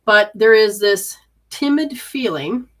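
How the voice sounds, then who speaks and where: A woman's voice: mid-range voice, expressive, takes it slowly, a bit bright. A woman giving live intuitive readings to viewers in a casual, rambling way, with many restarts and sudden quoted voices.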